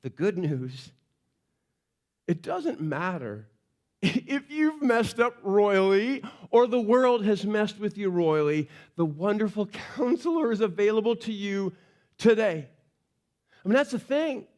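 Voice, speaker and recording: Male pastor, higher-pitched voice; sermon delivered like storytelling, hushed on the key lines. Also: very animated, slow pace. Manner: conversational storytelling, drops to quiet emphasis.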